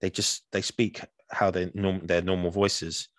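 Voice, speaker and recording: A man's voice: low-pitched, level tone, unhurried, no room sound. A man co-hosting a podcast, chatting casually and rambling with restarts and laughs. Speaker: podcast co-host. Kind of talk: casual chat.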